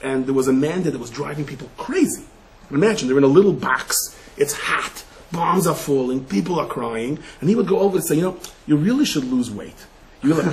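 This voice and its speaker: A man, a rabbi, giving a Torah lecture full of stories, mixing Hebrew and Yiddish terms into English, dropping to hushed asides and rising to shouted emphasis. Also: fairly high pitch, animated, a little fast, a little hiss or hum, poor audio.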